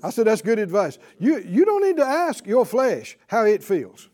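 A middle-aged man preaching a sermon, often chuckling, pleading and exhorting, dropping low and quiet and then bursting out loud. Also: moderate pace. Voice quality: lively, swooping delivery that drops low and quiet then bursts loud and high. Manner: chuckles through his lines, mimics whiny voices, pleads and exhorts.

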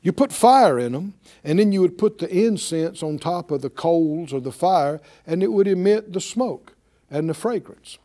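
A man's voice: high voice, expressive, moderate pace, mellow. A man teaching a Bible study, emphatic and full of rhetorical questions to his listeners.

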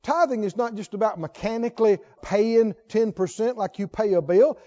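A man preaching a sermon as pastor, reading scripture and rising to shouted exhortations to the congregation. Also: sits high, moderate pace. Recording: dull lo-fi sermon recording.

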